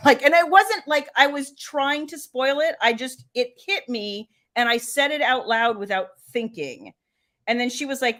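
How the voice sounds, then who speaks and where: A middle-aged woman hosting a casual live stream, telling animated stories and acting out what people said. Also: fairly high pitch, moderate pace. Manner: animated storyteller, acts out quotes. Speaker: host, romance author.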